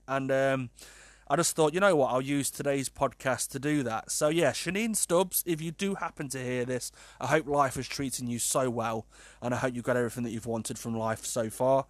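Animated, sweary podcast host. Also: male voice, mid-range voice, moderate pace, dry recording. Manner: animated, sweary, laughs at his own jokes. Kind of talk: casual podcast monologue.

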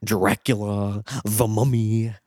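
A man's voice: fairly low pitch, level tone, slow pace, a little mellow, no echo, clean studio sound. A man co-hosting a podcast, chatting casually in a playful, joking way with some swearing. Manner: playful, swearing, goofy voices and laughs. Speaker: podcast co-host.

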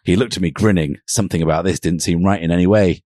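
A podcast co-host gives a mock-serious comic reading of fan fiction, breaking into laughter. His low, mellow voice moves fast, recorded in studio quality with no echo.

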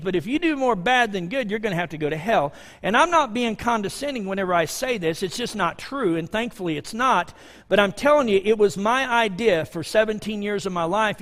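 High-voiced preacher in a reverberant hall. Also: male voice. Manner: conversational preaching with sudden swings from loud emphasis to hushed asides. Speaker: pastor. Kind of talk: sermon. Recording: long reverb of a large hall.

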